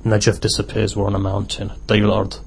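A man's voice: on the low side, completely flat delivery, brisk, vocal fry, breathy edge. A man with a British accent preaching a sermon in a mosque hall, telling stories and rising to impassioned exhortation.

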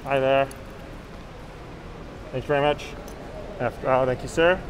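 Chatty male tour guide, mid-pitched, phone mic while walking, faint street noise behind. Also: steady tone, measured pace. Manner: chatty, reads viewer comments aloud. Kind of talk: live-streamed walking tour. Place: inside a library, then outdoors on a city street.

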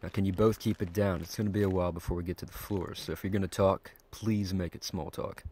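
A man voicing a grumpy stranger stuck in a lift, blunt and cursing, with a husky voice. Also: low voice, steady tone, fast talker, warm tone. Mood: annoyed. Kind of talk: amateur game-video voice acting.

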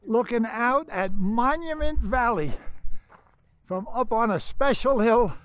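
A man's voice: extremely high pitch, lively intonation, slow pace, no echo, dull audio. A man in his seventies, out of breath and awestruck, narrating his travel vlog outdoors on a windy hilltop. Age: 70s. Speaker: travel vlogger.

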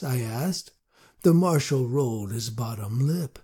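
A man's voice: medium pitch, lively intonation, measured pace, warm tone, slightly rough. A man earnestly narrating a first-person fantasy audiobook.

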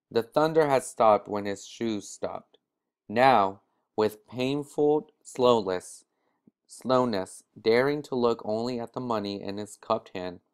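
A man reading a short story aloud in a measured way, now and then restarting a word. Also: on the low side, clear, resonant tone. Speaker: reader.

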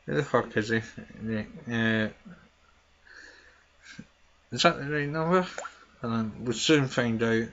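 A man's voice: takes it slowly, pauses often, a bit bright, highs cut off. Man putting on a foul-mouthed granny. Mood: grumbling. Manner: swearing rants with sudden shrill outbursts. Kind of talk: comedy character vlog.

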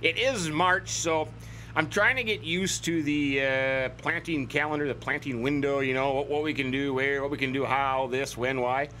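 A man's voice: mid-range voice, steady tone, normal speed, bright, forceful tone, slight background noise. A man hosting a farming game let's play, chatting in a goofy, rambling way and repeating words for fun. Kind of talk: casual gameplay commentary.

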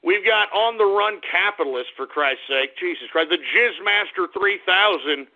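A man hosting a radio show, scolding his listeners in a combative rant that keeps breaking into shouts. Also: high-pitched, animated, normal speed. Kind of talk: ranting call-out radio talk. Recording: tinny phone-like radio audio.

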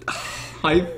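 A man's voice: a little high, vocal fry, fairly bright tone, slight background noise. Scared young man playing a horror game. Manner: frightened, swearing, exclaiming often; slow drawn-out speech, nervous laughter. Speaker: gaming streamer.

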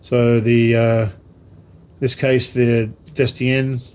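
A man casually showing off a parcel of model ships to camera, rambling slowly with many ums and asides. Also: mid-range voice. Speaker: wargaming hobby vlogger. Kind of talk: casual unboxing chat to camera.

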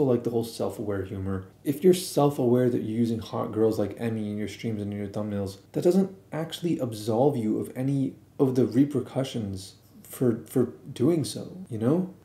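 A man's voice: mid-range voice, mellow, roomy sound. A man giving a casual, rambling commentary monologue about streaming, full of fillers and restarts, shrugging things off. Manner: laid-back, shrugs things off.

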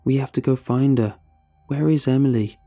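A man's voice: mid-range voice, normal speed, warm tone, soft background music, pitched above the performer's own voice, close to an everyday voice. A man voicing an uncanny young man in a horror story, speaking insistently with a dead-faced, repetitive delivery. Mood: insistent flat. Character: young man, uncanny flat-voiced friend.

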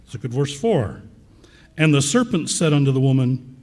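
A man preaching a sermon in a church, reading scripture aloud and repeating key words for emphasis, with a slightly husky voice. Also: medium pitch, big pitch swings, normal speed, a little mellow, long reverb tail.

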